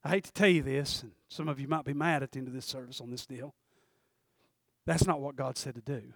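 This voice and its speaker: A middle-aged man preaching a sermon and telling a personal story in a folksy way, swinging from hushed to loud. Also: mid-range voice, fairly quick, gravelly, no room sound, studio quality. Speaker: pastor. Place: church sanctuary.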